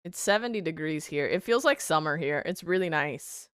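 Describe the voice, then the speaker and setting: Young female streamer, low smooth voice, casual chatty banter, close dry mic. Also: animated, moderate pace, a bit bright, no echo. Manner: reading chat aloud and bantering, swears freely. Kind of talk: casual live-stream chat while gaming.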